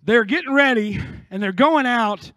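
A man's voice: very high voice, expressive, moderate pace, sharp tone, no room sound, clean studio sound. A man from the United States, a pastor preaching an impassioned sermon with joking asides.

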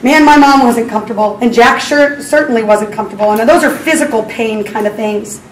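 A woman's voice: fairly high pitch, brisk. A woman in her forties telling parents a personal faith story in an earnest, storytelling way. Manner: earnest storytelling, acts out her own prayers with rising emotion. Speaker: speaker at a school parenting talk. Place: school hall. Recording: echoey hall from far off, faint ambient noise.

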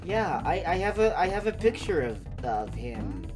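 A hoarse man hosting casual let's-play commentary, venting dramatically and animatedly on a voice call. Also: high-pitched, expressive, moderate pace, over music. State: hoarse, sore throat. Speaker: main host of a gaming channel.

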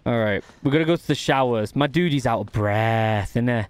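A man's voice: medium pitch, fairly quick, slight background noise. A man giving gameplay commentary, thinking aloud and muttering to himself as he works out puzzles. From United Kingdom. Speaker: gaming channel host.

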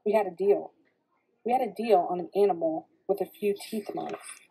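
A woman reading the lines of a gruff male goat seller who protests a deal. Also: medium pitch, moderate pace, warm tone, low-quality recording. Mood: protesting.

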